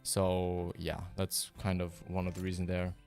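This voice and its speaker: A man with a lowish voice whose first language is German chats loosely with his stream viewers. His delivery stays fairly flat and even, and it wanders with fillers and restarts. Soft guitar music plays faintly behind him. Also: measured pace, clear, resonant tone. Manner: relaxed, rambling, with many fillers and restarts. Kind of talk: casual live-stream chat answering viewers.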